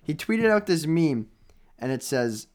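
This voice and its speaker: A young man hosting a podcast in casual chat, excitable, breaking into loud laughs and trailing off with fillers. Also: a little high, a little slow, background noise. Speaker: podcast host.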